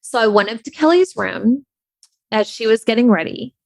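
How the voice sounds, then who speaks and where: A woman's voice: fairly high pitch, expressive, normal speed, gravelly, no echo. A woman telling a personal story in a casual, candid way, full of "like" and "you know.". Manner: chatty and candid, heavy on fillers like "like". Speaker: online creator.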